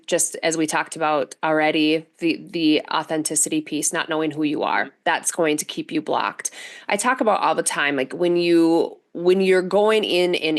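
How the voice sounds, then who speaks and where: Woman, forties, interview guest, earnest, animated storyteller. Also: low voice. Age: 40s. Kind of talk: interview conversation.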